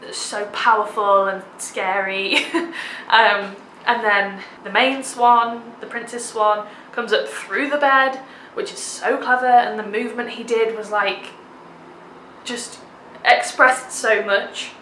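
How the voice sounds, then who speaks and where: Young woman vlogger raving about a show, bright voice, lots of likes, roomy echo. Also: mid-range voice, fairly even intonation, takes it slowly, slight background noise. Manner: gushing, enthusiastic, many filler "like"s. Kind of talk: casual theatre review vlog.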